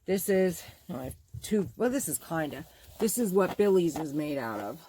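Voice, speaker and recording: A woman's voice: fairly low pitch, lively intonation, normal speed, dark tone. A middle-aged woman hosting a bag-making vlog, chatting in a rambling, gushing, exclamatory way as she shows off her materials. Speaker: bag-making channel host. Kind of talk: casual show-and-tell vlog.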